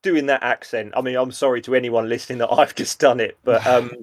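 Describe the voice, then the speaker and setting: A man's voice: medium pitch, a little fast. A man co-hosting a podcast, chatting casually and acting out quoted lines. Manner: relaxed, acts out quoted lines with voices. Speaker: podcast co-host. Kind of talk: casual chat about a sitcom episode.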